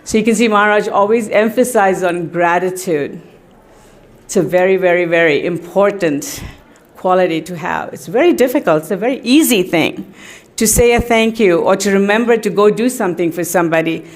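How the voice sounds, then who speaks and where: In a tribute to her teacher, a middle-aged woman tells personal anecdotes at a moderate pace in a medium-pitched voice. She chats along with plenty of fillers and frequent laughter.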